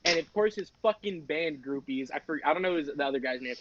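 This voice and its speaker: Profane, animated young male storyteller. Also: a little high, fast talker, few pauses, a little hiss or hum. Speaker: podcast host. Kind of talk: casual storytelling. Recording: dry, slightly dull podcast audio.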